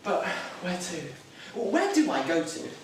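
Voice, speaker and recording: A man's voice: high voice, wildly swooping pitch, takes it slowly, a little hiss or hum, exaggerated voice. A young man playing a nervous self-doubting churchgoer. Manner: hesitant, self-deprecating, wry. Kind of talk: stage drama monologue. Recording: echoey room, mic far off.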